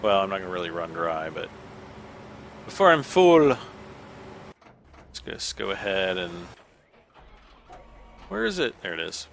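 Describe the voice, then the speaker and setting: A middle-aged man from the States rambles through casual gameplay commentary. His voice is bright and forceful, and his pitch rises and falls a lot. He keeps poking fun at himself, with faint game noise underneath. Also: lively intonation, unhurried, vocal fry, pauses often. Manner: rambling, self-deprecating, chuckles often. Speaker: gaming channel host.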